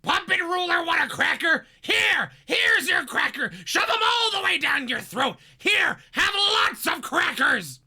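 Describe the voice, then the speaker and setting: A man putting on the voice of a loud, screechy male cartoon parrot sidekick, yelling in exasperated rants with a raspy, nasal tone. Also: very high voice, big pitch swings, unhurried, few pauses, pitched above the performer's own voice, full character voice. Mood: mocking. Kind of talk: impression of a comedian's parrot voice.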